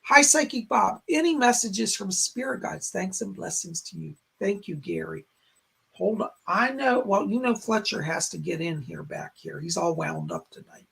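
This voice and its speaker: A man hosting a psychic live stream in a raspy, strained voice, relaying spirit messages in short, halting phrases. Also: high-pitched, sharp tone. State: strained, hoarse voice. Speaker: psychic medium host. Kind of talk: live-stream chat and readings. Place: home in a rural area.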